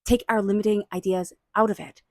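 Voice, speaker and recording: A woman giving a tarot reading, murmuring invocations to angels and spirit guides and offering warm, excited encouragement. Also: medium pitch, brisk, no echo. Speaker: tarot reader. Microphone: own microphone.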